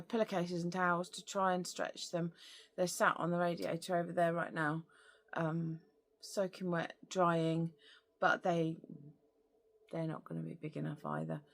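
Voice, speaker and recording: A woman's voice: lowish voice, flat delivery, measured pace. A woman hosting a crafting podcast, talking casually and rambling with many fillers. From lives in France. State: out of breath. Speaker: podcast host. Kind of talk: casual chat.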